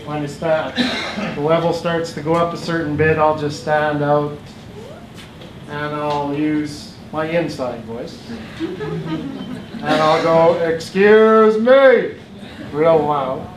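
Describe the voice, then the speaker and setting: A man emcees a community feast, speaking slowly and deliberately in a slightly high voice. His voice rings around a large hall, and faint background noise hangs under it. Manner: slow, storytelling delivery. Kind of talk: speaking to a crowd.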